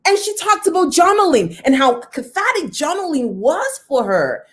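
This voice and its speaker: A woman's voice: extremely high pitch, big pitch swings, normal speed. A woman in her thirties telling a personal story on a live stream, greeting viewers by name and swinging her voice up and down for drama. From lives near Toronto.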